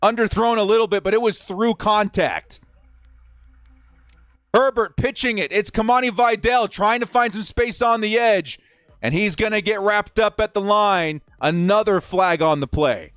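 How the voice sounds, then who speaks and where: A man in his thirties hosting a live football watch party, chatting with viewers and calling plays, getting loud and fired up at big moments. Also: high-pitched, no echo. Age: 30s. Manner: excitable, talks fast, shouts at plays. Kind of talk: live sports watch-along commentary.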